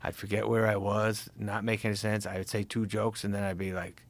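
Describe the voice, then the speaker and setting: A middle-aged man, a comedian and actor guest on a podcast, telling animated, swear-heavy stories and acting out quotes in casual conversation. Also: fairly low pitch, normal speed.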